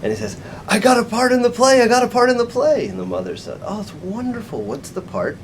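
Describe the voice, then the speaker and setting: A man's voice: extremely high pitch, a little fast, slight background noise, rough recording. A man telling a joke and acting out the voices of its characters. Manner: animated, acts out the characters in the joke.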